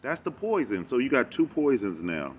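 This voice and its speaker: A man's voice: mid-range voice, normal speed, heavy background noise. Rambling man reacting to a clip. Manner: animated, rambling, talks back at the clip. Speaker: reaction vlogger. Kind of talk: casual reaction commentary.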